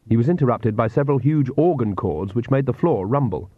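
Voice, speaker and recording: A man narrating an audiobook in a measured, dry reading. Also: mid-range voice, lively intonation, no echo. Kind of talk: scripted narration. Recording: tinny phone-like dry recording.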